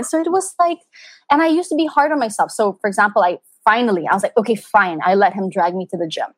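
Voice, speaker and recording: An earnest woman talks openly as an interview guest. She sounds like she's in her thirties, animated and full of fillers as she tells her stories. Her voice is close and dry, with no room sound. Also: mid-range voice, fast, no echo. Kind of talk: casual conversational interview.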